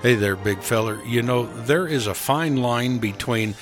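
A man's voice: mid-range voice, music in the background. An older man co-hosting a radio show, telling dad jokes in a folksy, chuckling way. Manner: folksy, chuckling, slow joke delivery. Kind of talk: casual joke-telling chat.

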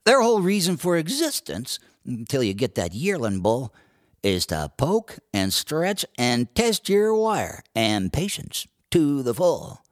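A man reciting cowboy poetry and singing, with a lively drawl. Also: measured pace. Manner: lively drawl with broad swings of pitch. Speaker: cowboy poet and singer. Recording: dry studio recording with guitar.

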